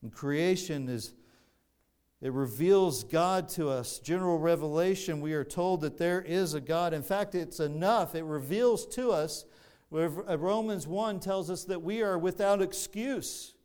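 Slow, smooth-voiced man preaching. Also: fairly high pitch, darkish tone. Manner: measured, explanatory, with frequent restarts. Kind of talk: sermon.

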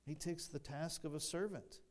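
A pastor's slightly high, steady voice leads an expository sermon. He takes his time, pressing harder and louder on emphatic phrases while dropping deadpan asides to those in the pews.

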